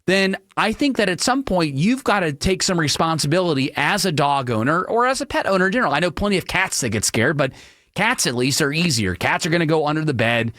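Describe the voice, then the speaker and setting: Animated ranting male radio host. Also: fairly quick, no echo, clean studio sound. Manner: animated, ranting, mocks people in high silly voices. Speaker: radio talk show host. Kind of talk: opinionated solo radio talk. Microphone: studio microphone.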